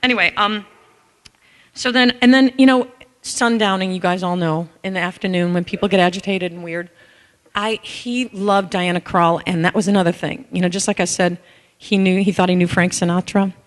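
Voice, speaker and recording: Animated woman speaker in a reverberant hall. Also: lowish voice, moderate pace. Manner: animated and candid, breaks into song snippets. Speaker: author and caregiver speaking to an audience. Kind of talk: conference talk, personal storytelling. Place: large hall with an audience.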